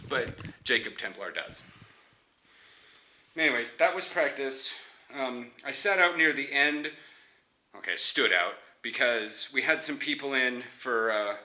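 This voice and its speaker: A man's voice: mid-range voice, lively intonation, normal speed, pushed and bright. A young man, a football player, chatting casually in a rambling way, restarting sentences and laughing often.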